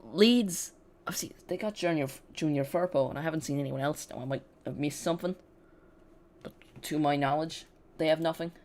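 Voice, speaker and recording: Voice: medium pitch, moderate pace, a little mellow. Chatty football stream host. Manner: rambling, chatty, talks straight to viewers. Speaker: football watch-along streamer. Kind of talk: casual live watch-along commentary.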